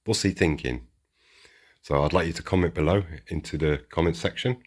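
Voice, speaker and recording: A British man hosting a model railway channel chats and rambles while unboxing and showing off model trains, often restarting his sentences. His voice is very deep and fairly quick.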